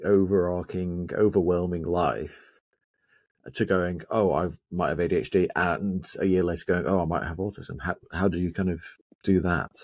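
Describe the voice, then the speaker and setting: A man with a very low, husky voice hosts a podcast interview. He builds his questions slowly, searching for words, and often offers soft affirming murmurs. His voice sounds dry and close. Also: no echo. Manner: thoughtful, hesitant, frequent affirming murmurs. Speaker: podcast host. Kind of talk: interviewing, casual chat.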